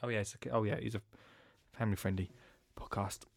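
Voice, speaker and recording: A man's voice: fairly low pitch, steady tone, fast, gravelly, no echo, studio quality. Rambling man, chatty podcast host. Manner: rambling, chatty, jumps between loud and hushed. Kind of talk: casual chat.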